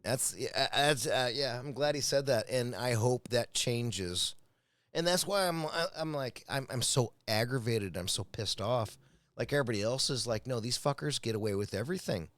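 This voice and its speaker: A man's voice: medium pitch, moderate pace, fairly bright tone, no echo. A man reacting to a clip in a casual rant, profane and agitated, often stumbling and repeating words.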